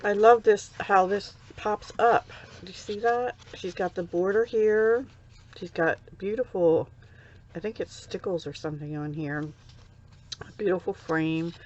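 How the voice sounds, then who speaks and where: A woman's voice: medium pitch, unhurried, a little mellow, dull audio. A middle-aged woman from the USA chatting casually on her crafting vlog, gushing and easily touched as she unboxes handmade cards at home. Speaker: crafting vlogger.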